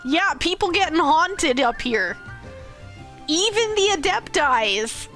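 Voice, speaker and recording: A woman streamer casually recapping a game's story, animated, often laughing and swearing. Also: very high voice, takes it slowly. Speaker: game streamer. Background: faint game music.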